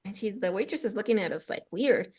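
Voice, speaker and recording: A woman's voice: medium pitch, lively intonation, quick pace, a little mellow. A woman of Mexican heritage in casual chat, telling stories with lots of "um" and "like" and slipping in Spanish words. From Mexican-American. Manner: storytelling with many fillers, bilingual asides.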